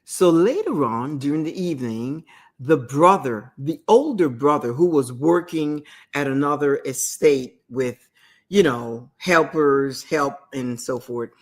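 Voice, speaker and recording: A woman's voice: low voice, lively intonation, a little slow. A woman hosting a talk show, retelling a parable in a conversational way, with restarts and asides. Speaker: host. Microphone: streamed talk show mic.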